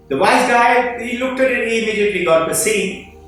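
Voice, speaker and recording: A middle-aged man giving a spiritual talk to parents and children, acting out the figures in an animated way. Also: very high-pitched, brisk. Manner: animated storyteller, acts out characters. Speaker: school head addressing parents. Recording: echoey distant room with faint music.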